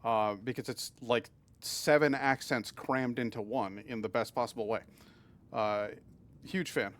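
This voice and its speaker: A man from Massachusetts chats casually while streaming a game, in a voice of middling pitch. He stammers and restarts as he answers his viewers. A faint background noise runs under his voice. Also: fairly even intonation, unhurried, a bit bright. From Massachusetts, USA. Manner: chatty, often restarts and stammers, reads and answers chat. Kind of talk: casual live-stream chat while gaming.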